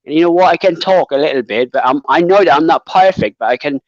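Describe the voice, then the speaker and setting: A man's voice: fairly high pitch, fast talker, no echo, dull audio. Chatty Bangladeshi man on a call. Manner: chatty, lots of fillers and restarts. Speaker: guest. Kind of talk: casual chat. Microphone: video call.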